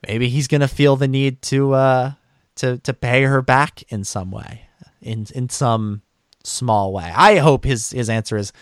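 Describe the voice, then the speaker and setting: A man's voice: mid-range voice, steady tone, measured pace, clean tone, no room sound, studio quality. A man co-hosting a podcast in casual discussion, talking hesitantly with many fillers and restarts. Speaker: podcast co-host.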